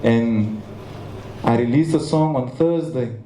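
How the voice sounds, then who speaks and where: A man's voice: mid-range voice, slow, mellow, a little hiss or hum. A young South African man with a Cape Town accent gives a memorial tribute speech. He tells his stories earnestly and stumbles over his words now and then. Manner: earnest storytelling with stammers. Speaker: memorial speaker. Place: large memorial venue. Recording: echoey hall with faint ambience.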